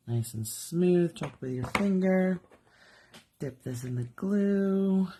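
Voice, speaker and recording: A woman's voice: fairly low pitch, lively intonation, takes it slowly, noisy background. A woman doing a live craft demonstration from her studio, chatting and thinking aloud as she works. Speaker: jewelry artist demonstrating live. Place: home art studio.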